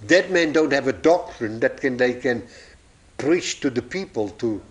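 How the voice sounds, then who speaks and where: A man's voice: mid-range voice, lively intonation, measured pace. Guy preaching, swoops up and down a lot, acts out little stories, chuckles at his own jokes. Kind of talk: sermon.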